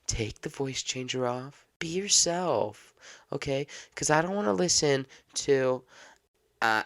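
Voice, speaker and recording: A man's voice: medium pitch, expressive, normal speed, a bit bright. A man hosting a solo podcast, talking in a rambling, exasperated way. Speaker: podcast host.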